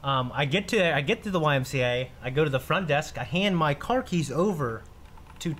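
A thirty-something man with a higher-than-average voice and normal pace tells stories as co-host of a laid-back podcast, with slight background noise audible. He laughs frequently, restarts, and repeats himself in an animated storytelling style.

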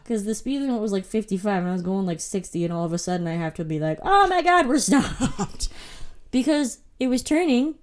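A woman's voice: mid-range voice, animated, fast talker, hardly any pauses, warm tone, smooth. A woman co-hosting a casual chat, telling anecdotes, acting out quotes and laughing often. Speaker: podcast co-host.

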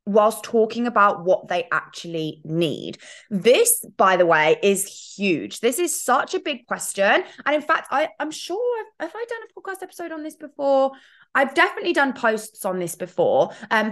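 A woman's voice: medium pitch, a bit bright. A woman hosting a solo coaching podcast, talking frankly and chattily, wandering into asides and swearing playfully. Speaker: fitness coach and podcast host. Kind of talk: casual solo podcast chat.

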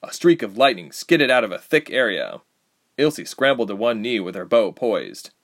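Lively low-voiced male storyteller. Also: normal speed. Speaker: audiobook narrator. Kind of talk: scripted narration.

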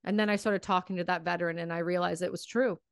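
A woman's voice: fairly low pitch, steady tone, quick pace, clean tone, no room sound, clean studio sound. A woman hosting a podcast who speaks with fiery, emotional passion and swears freely before turning to interview her guest. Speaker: podcast host. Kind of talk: impassioned commentary and interview.

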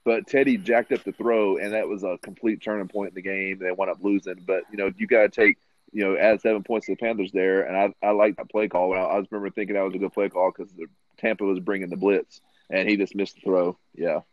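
Low-voiced man breaking down plays. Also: little pitch movement, fast, no room sound, highs cut off. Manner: analytical, stat-citing. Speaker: podcast panelist. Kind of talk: casual sports talk.

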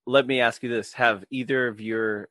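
A young man chatting on a podcast in a relaxed, halting way, repeating words as he restarts and letting sentences sink low and soft. The sound is dry and close. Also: dry recording. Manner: laid-back, trails off quietly, stammers on restarts. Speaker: podcast co-host. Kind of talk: casual chat.

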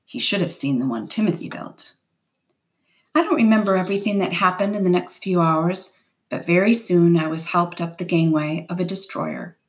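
A woman with a low voice reads a novel aloud, chapter by chapter. She keeps a steady, unhurried storytelling pace throughout. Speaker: reader.

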